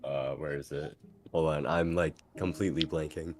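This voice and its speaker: A man playing a tabletop game character, hesitant and halting as he decides his moves. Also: rumbling low, steady tone, faint music behind. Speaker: player. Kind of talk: casual tabletop game play.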